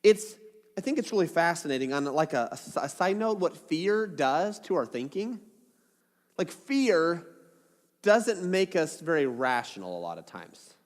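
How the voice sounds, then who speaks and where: Lively casual pastor in a reverberant hall. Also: male voice, on the high side, measured pace. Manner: casual, joking asides with dramatic retellings. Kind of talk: sermon.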